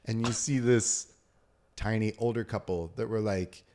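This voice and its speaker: A middle-aged man hosting a podcast, telling stories in casual chat, swearing often and acting out other people's lines loudly. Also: on the low side, unhurried, slight background noise. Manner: animated storyteller, swears, acts out quotes loudly. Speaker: podcast host.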